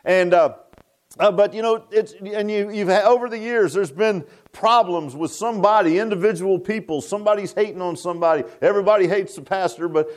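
Folksy pastor, high voice. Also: male voice, brisk. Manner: folksy, rambling with restarts and asides. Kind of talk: sermon.

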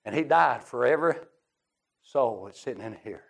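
A middle-aged man preaching a revival-style sermon in a church service. He is fervent and swings from hushed storytelling to shouting. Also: mid-range voice, expressive, normal speed, vocal fry.

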